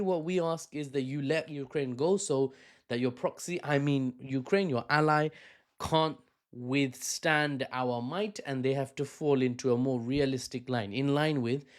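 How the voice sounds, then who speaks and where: A man voicing a sly, flattering middle-aged Russian leader in a mock Russian accent, sweet-talking and wheedling. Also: on the high side, a little slow, close to an everyday voice. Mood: persuasive.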